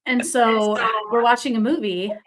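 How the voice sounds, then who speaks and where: A woman, a psychic medium guest, telling a personal story in a rambling, casual way, full of fillers, excited and buzzing. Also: a little high, moderate pace, background noise.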